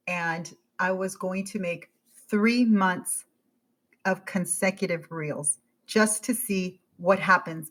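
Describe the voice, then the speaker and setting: A woman in her forties, a podcast guest, telling her story in a casual, animated way and acting out her own thoughts. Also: mid-range voice. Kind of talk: casual interview chat.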